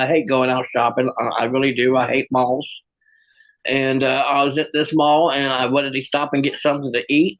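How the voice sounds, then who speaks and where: Self-mocking gravelly-voiced stand-up comic. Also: male voice, medium pitch, a bit bright, poor audio. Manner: stammering, self-mocking storyteller. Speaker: comedian. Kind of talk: stand-up comedy with magic. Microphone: own camera.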